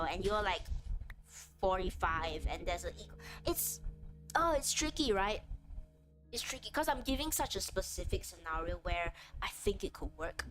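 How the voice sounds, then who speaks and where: A young woman streamer talking straight to her chat in an earnest, animated way, often restarting her sentences and leaning on fillers. Clear game music plays under her voice throughout. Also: mid-range voice. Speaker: VTuber streamer. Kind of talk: casual chat on a livestream. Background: background music.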